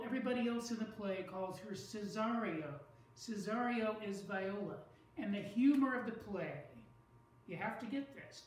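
A woman teaching a lesson, speaking slowly and deliberately and stressing syllables to show rhythm. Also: mid-range voice, a little mellow, slight background noise. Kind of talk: classroom lecture. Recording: echoey room, far from the mic.

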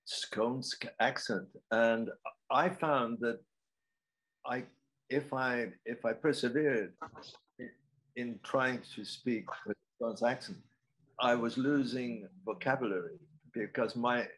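A man's voice: mid-range voice, breathy edge, low-quality recording. Male audience member, hesitant and musing, online Q&A. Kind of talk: asking a question.

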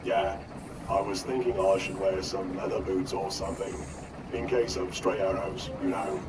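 A man voicing a dull, working-class male robot guard in a video game, gossiping in a flat way. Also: sits low, moderate pace, close to an everyday voice. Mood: chatty. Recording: echoey, distant. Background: loud game music.

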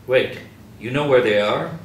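A man's voice: mid-range voice, unhurried, natural voice. A sardonic cartoon dog read by a man trades dry, sarcastic lines. He sounds distant in an echoey room with faint hiss. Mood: wry.

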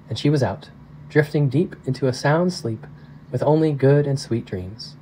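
Mellow male storyteller. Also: medium pitch, slight background noise, low-quality recording. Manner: calm, measured storytelling. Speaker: pastor. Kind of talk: audiobook narration.

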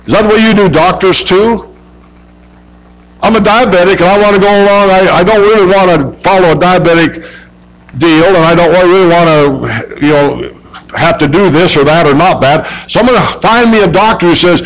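A man's voice: high-pitched, lively intonation, moderate pace, low-quality recording. A man preaching a sermon in a folksy way, acting out quoted voices as he retells stories. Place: church service.

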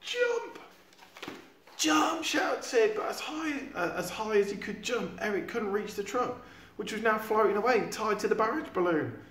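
Male teacher, storybook read-aloud, animated, sound effects, echoey room. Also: high-pitched, moderate pace. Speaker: teacher reading to a class.

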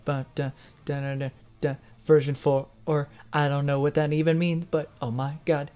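Excitable, swearing reaction host. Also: mid-range voice, moderate pace, clear, resonant tone, faint music behind. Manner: excitable, exclaiming, swears freely. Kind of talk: casual reaction commentary.

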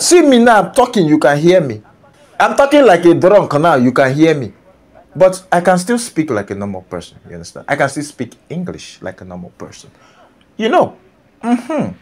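A man's voice: high voice, a little mellow. A Nigerian man delivering a comedic reaction rant, scolding and often breaking into laughter. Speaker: comedian commentator.

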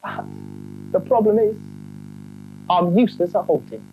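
A woman's voice: fairly low pitch, wildly swooping pitch, a little slow, dark tone, slight background noise, poor audio. A woman voicing a chatty trainee ghost, cheeky and matey.

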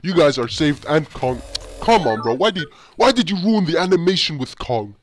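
A man hosting a reaction channel, giving excitable commentary and talking straight at the screen. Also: on the high side, moderate pace, no echo. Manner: excitable, talks to the screen with "yo" and "bro".

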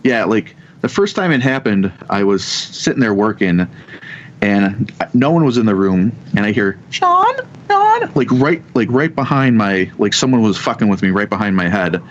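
Low-voiced man telling ghost stories. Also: animated, highs cut off, slight background noise. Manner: halting, restarts often, acts out what people said. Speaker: podcast guest.

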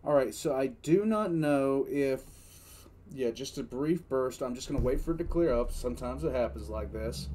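A man's voice: medium pitch, lively intonation, moderate pace, mellow, a little hiss or hum. Chatty man reacting on a live stream. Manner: casual, chatty interjections.

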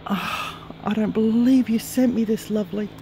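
A woman crafter filming a gift unboxing at home on a handheld camera, tearful and trembling, gushing softly with many breathy sighs. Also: mid-range voice, normal speed, background noise. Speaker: craft vlogger. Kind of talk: emotional gift-unboxing vlog. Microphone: handheld camera, shaking.

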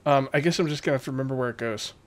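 A man's voice: mid-range voice, racing. A man hosting a let's play, chatting to himself and his viewers as he builds in a survival game and jokingly scolds the characters in his way. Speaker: gaming channel host.

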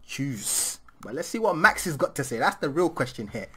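A man's voice: on the high side, big pitch swings, moderate pace, bright, forceful tone, husky. A man hosting a reaction video, talking in slangy, laughing banter. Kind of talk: casual reaction commentary.

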